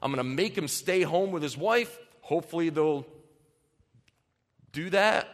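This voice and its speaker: A man's voice: fairly high pitch, expressive. A man voicing a panicked, scheming ancient king who talks to himself in a frantic rush, heard with long hall reverb. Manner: frantic, rushed self-talk.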